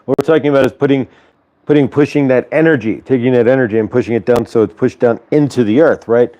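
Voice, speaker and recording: A man's voice: medium pitch, quick pace, muffled recording. A man hosting a spiritual morning livestream, talking loosely with many fillers and leading guided breathing on a clip-on mic at home. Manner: loose, rambling, full of filler words. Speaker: host of a spiritual morning show. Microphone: clip-on lapel mic.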